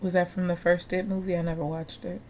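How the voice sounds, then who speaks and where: A woman's voice: fairly low pitch, flat delivery, fast, crowd noise. A woman hosting a casual podcast chat over a video call, joking, teasing and swearing freely. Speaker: podcast host.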